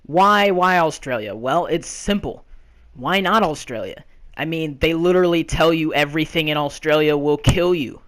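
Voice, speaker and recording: Rambling young man, slightly high voice. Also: a bit bright. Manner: rambling, with many fillers. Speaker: gaming video host. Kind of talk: casual countdown commentary.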